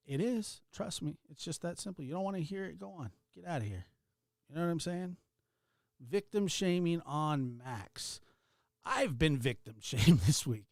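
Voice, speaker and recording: Ranting with heat and sarcasm, a man hosting a livestream greets viewers in chat. His voice is high-pitched with vocal fry, and the recording is clean studio sound without echo.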